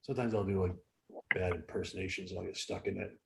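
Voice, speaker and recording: A man's voice: low-pitched, steady tone, fast talker, gravelly, noisy background. A man co-hosting a casual podcast, telling stories in a joking way. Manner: joking storyteller. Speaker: podcast co-host. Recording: roomy echo.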